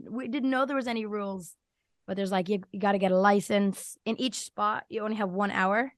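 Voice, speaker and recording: A woman's voice: mid-range voice, a bit bright, smooth, no room sound, studio quality. A young woman with an Irish accent, a singer talking casually in an interview, chatty and full of "like". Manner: chatty, fills with "like" a lot. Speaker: singer-songwriter guest.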